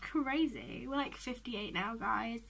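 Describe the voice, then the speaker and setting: Excitable high-voiced young woman. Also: slow pace, vocal fry. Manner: chatty, excitable, drops into whispers. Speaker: gaming vlogger. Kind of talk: casual game commentary.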